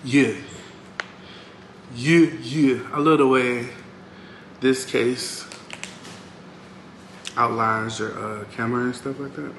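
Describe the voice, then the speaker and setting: Male vlogger, mid-pitch, chatty and loose, home kitchen setting. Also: steady tone, slow pace, creaky, pauses often, fairly bright tone, slight background noise. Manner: chatty, addresses viewers as y'all, frequent asides. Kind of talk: casual vlog chat.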